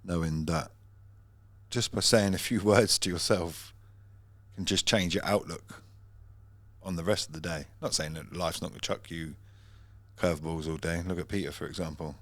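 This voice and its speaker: A man's voice: sits low, steady tone, moderate pace, long pauses, a bit bright, dry recording. A man co-hosting a podcast, talking earnestly and jokily with frequent restarts. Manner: earnest and jokey, restarts often. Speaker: podcast co-host. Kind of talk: casual chat.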